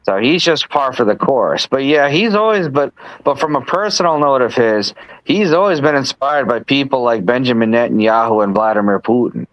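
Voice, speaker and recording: A man's voice: mid-range voice, lively intonation, normal speed, dry recording, muffled recording. A man hosting a casual political chat on a live stream, rambling with lots of restarts and asides. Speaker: host.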